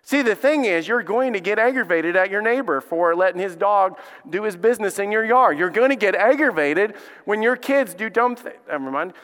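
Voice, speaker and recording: Bright-voiced man preaching in an echoing hall. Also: high voice, normal speed, few pauses, clear, resonant tone. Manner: animated storytelling, acts out quotes. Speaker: pastor. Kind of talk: sermon. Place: church sanctuary. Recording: reverberant church hall.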